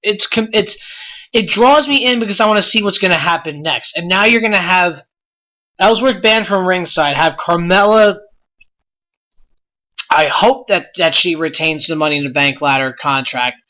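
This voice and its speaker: A man's voice: high-pitched, expressive, moderate pace, bright, forceful tone. A man hosting a wrestling podcast, ranting in an exasperated, blunt way with lots of rhetorical questions. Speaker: podcast host.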